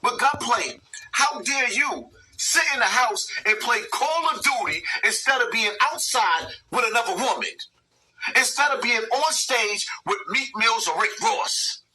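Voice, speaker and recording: A man's voice: very high-pitched, animated, measured pace, sharp tone, distant mic, poor audio. A man hosting a commentary video, ranting and preaching to his viewers with lots of repetition. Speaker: commentary channel host.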